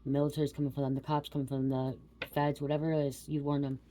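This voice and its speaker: A woman's voice: low-pitched, level tone, racing, mellow, slight background noise. A woman giving a psychic reading to her viewers from home, talking in a repetitive, stream-of-consciousness way and calling out names as they come to her. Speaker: psychic card reader.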